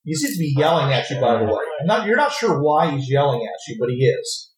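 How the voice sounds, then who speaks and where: A man narrating a tabletop game as the game master, halting often with filler words. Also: fairly high pitch, very animated, roomy sound, poor audio. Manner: halting, many "uh"s.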